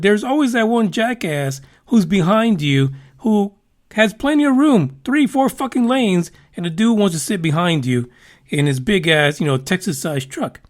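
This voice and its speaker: Profane, high-voiced podcast host. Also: male voice. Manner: profane, rambling, wisecracking asides. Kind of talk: casual podcast news commentary.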